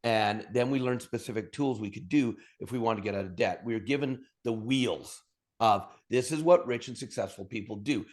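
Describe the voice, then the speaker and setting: A man from Alberta, a podcast guest telling his story with high energy and humor and acting out bits of dialogue. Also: moderate pace. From Alberta, Canada. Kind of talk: storytelling interview talk.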